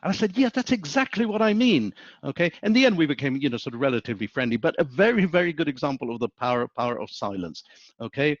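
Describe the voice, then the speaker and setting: A middle-aged man teaches an online business class, spinning anecdotes and checking in with his listeners every few sentences. His voice sits at an ordinary middle pitch. The sound is dry and close, a little dull and muffled. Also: racing, dry recording. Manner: anecdotal, animated storytelling with frequent "okay?" checks. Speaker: business school professor. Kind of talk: webinar lecture.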